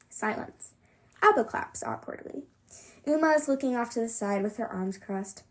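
A woman reading a novel aloud for a podcast, expressive first-person reading with small slips. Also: mid-range voice, moderate pace. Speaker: podcast reader.

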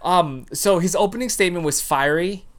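A man hosting a casual chat, animated and profane, who laughs often and acts out what others said. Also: high-pitched, moderate pace.

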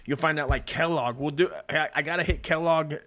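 A man's voice: on the high side, fairly even intonation, fairly quick, fairly bright tone. A man hosting a podcast, reading history aloud and breaking off into rambling, profane asides, and he often stumbles over the written words. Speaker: podcast host.

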